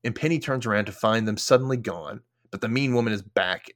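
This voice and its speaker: A man's voice: on the low side, a little fast. A man hosting a podcast, casually recapping a TV episode in a chatty way, full of filler words and casual swearing. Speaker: podcast host.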